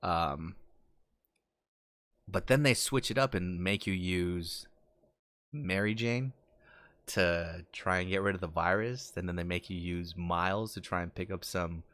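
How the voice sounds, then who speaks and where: A man co-hosting a casual podcast chat, telling stories with lively acted-out quotes. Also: unhurried, pauses often, no room sound. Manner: animated storytelling, acts out quotes with big jumps in pitch. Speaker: podcast co-host.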